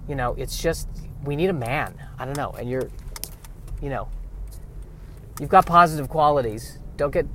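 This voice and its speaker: A man's voice: a little high, a little hiss or hum, close to an everyday voice. A man doing a sorry, apologetic alien. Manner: regretful, over-apologetic. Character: apologetic alien speaking for its group.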